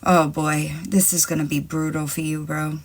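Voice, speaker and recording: A woman's voice: sits low, level tone, normal speed, gravelly. A woman hosting a live stream in casual chat, brash and profane, taunting her rivals and rambling to her chat on a phone mic. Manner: rambling, talks straight to chat. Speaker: livestream host.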